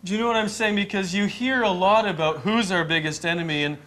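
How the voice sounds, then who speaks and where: A man with a high voice runs a mock interview on a comedy morning show. He asks absurd questions in a playful, straight-faced way. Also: quick pace, fairly bright tone. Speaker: co-host.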